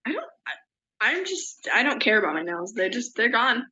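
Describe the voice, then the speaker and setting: A woman's voice: a little high, big pitch swings, moderate pace, lo-fi sound, background noise. A young woman co-hosting a podcast in casual chat, rambling and self-deprecating. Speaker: podcast co-host.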